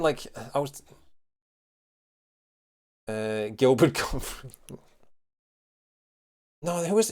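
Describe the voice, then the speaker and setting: A man's voice: on the low side, darkish tone. A man live-streaming, chatting casually and rambling with many fillers as he answers his chat. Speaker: streamer reacting to news.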